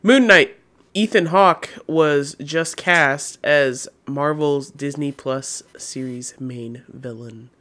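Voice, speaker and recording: A man's voice: a little high, slow pace, bright, forceful tone. A man co-hosting a casual podcast while a little under the weather, rambling with lots of "you know what I mean" and "like". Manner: rambling, filler-heavy. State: a little sick, coughing. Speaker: podcast co-host. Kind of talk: casual chat.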